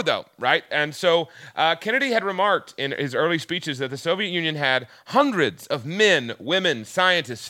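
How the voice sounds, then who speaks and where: A man's voice: on the high side, bright, forceful tone, no echo, clean studio sound. A man with a Southern US accent, chatting on a podcast and retelling history with jokes. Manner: chatty, joking storyteller. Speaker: podcast guest telling history. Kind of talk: casual podcast chat.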